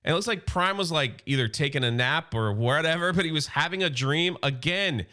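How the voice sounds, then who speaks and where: A man's voice: a little high, animated, a little fast, sharp tone. A man recapping a comic in a casual, enthusiastic and chatty way. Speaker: comic book reviewer.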